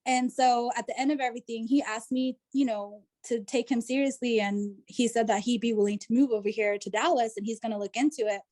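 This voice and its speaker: An American woman, appearing as an interview guest on a video call, tells a personal story in a chatty way full of "like" and "you know." Her slightly high voice is a little mellow and steady, running a little fast with hardly any pauses.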